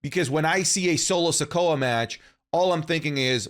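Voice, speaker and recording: A man's voice: fairly high pitch, normal speed, clear, resonant tone. A man co-hosting a casual podcast, giving rambling, opinionated takes with frequent restarts. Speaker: podcast co-host. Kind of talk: casual wrestling podcast chat.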